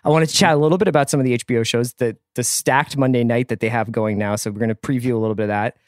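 A man's voice: mid-range voice, fairly even intonation, very fast, smooth, no echo. Podcast host man with a dry sound. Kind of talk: casual chat.

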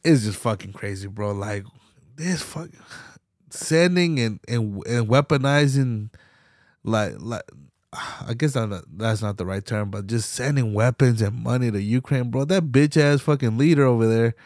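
A man's voice: moderate pace, dry recording, studio quality. Profane, heated man ranting. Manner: swings between loud outbursts and low mutters. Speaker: podcast host. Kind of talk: casual political rant.

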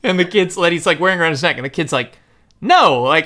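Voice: medium pitch, lively intonation, fast, a bit bright. A speaker in casual conversation retelling book scenes, acting out the quoted lines and laughing mid-sentence. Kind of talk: casual book-and-movie chat.

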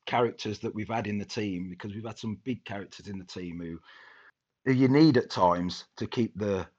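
A man's voice: lowish voice, moderate pace, a little mellow, slightly rough. A man, a former footballer, reminiscing casually in a rambling way with many restarts. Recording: dull lo-fi sound.

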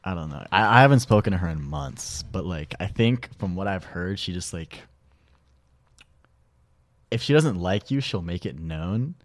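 A young man with a fairly low voice talks loosely on a podcast, heavy on slang and "like." He trails off mid-thought and picks back up in an easygoing way. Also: expressive, moderate pace. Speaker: podcast host. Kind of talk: casual chat.

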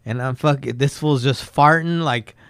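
Smooth-voiced laid-back swearing man. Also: medium pitch, normal speed, a bit bright, no echo, clean studio sound. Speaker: guest skateboarder. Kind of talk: casual podcast chat.

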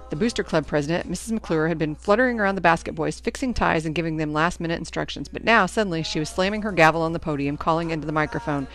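A woman narrating a first-person storybook in an expressive, anxious telling. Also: low voice, fast, few pauses, soft background music. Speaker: audiobook narrator.

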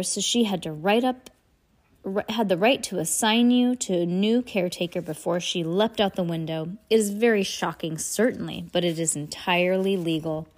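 A woman reading a novel aloud in a casual way, stumbling and correcting words as she goes. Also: lowish voice. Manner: reads aloud haltingly, stops to comment and laugh. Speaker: reader. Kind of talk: casual read-aloud with asides.

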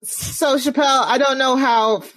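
A woman's voice: high voice, steady tone, unhurried, fairly bright tone, no echo. A woman co-hosting a casual podcast, chatting with frequent restarts and laughs. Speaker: podcast co-host. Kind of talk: casual wrestling podcast chat.

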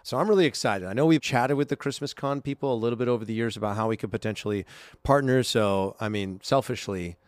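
A chatty man co-hosting a holiday podcast, talking casually with plenty of fillers. His voice sits in a middle pitch. The sound is dry and close, with no room around it. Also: fast talker, no echo. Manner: chatty and upbeat, with frequent fillers. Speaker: podcast co-host. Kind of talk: casual chat.

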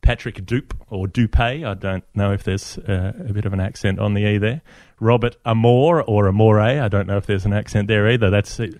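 A man's voice: on the low side, little pitch movement, a little fast, darkish tone, no room sound, studio quality. A man, co-hosting a casual podcast chat in a wry, chatty way and thanking listeners by name. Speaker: podcast co-host.

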